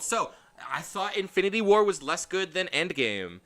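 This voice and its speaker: A man chatting through a blind game playthrough, rambling and animated as he goes off on tangents. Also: sits high, moderate pace. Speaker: game streamer. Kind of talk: casual gameplay commentary.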